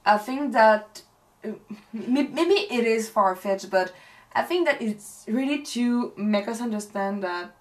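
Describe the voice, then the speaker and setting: Higher-voiced woman in casual chat. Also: unhurried. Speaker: reaction channel co-host.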